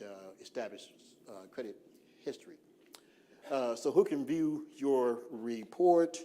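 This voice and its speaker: A man presenting a financial workshop in an informal seminar style, relaxed and full of fillers, slowing down on purpose to stress key points. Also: on the low side, slight background noise. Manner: relaxed, lots of "uh" fillers, slows down deliberately for emphasis. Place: church hall.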